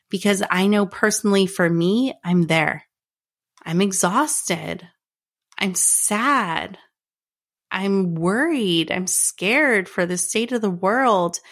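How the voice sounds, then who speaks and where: A woman hosting her own podcast, talking in a heartfelt, earnest way with repeated phrases. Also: fairly low pitch. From Canada. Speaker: podcast host. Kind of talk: personal podcast monologue.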